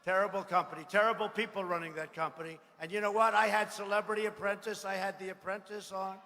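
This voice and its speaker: A man giving a rally speech, boastful and mocking, repeating himself and bursting into shouts. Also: sits high, little pitch movement, fast talker. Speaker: political speaker at a rally. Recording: echoey hall with faint ambience.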